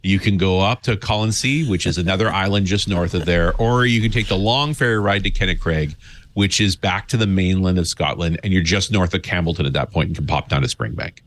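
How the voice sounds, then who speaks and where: A man's voice: low-pitched, fairly quick, a bit bright. A man as a regular co-host in casual podcast chat, explaining things at length and wandering off into tangents.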